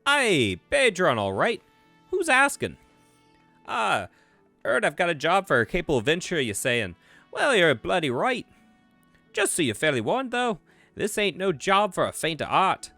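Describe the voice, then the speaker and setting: A man voicing a gruff, brash tavern keeper in a swashbuckling British rogue accent, reading game dialogue. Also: high-pitched, huge pitch swings, moderate pace, pushed and bright, no echo, faint music behind, pitched above the performer's own voice, heavily acted. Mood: boisterous.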